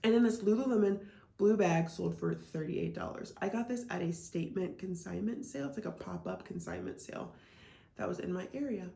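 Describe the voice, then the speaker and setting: Her voice is medium-pitched, sing-song and warm, moving fairly quickly with some vocal fry. She's an Iowa woman vlogging about reselling in a relaxed, filler-heavy way, full of "like" and "um," captured in an echoey space.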